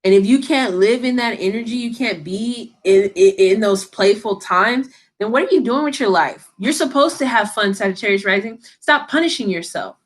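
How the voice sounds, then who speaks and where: Woman, tarot reader, casual reading to camera, blunt, cursing, slangy, scolding, slightly high voice. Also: lively intonation, moderate pace, few pauses.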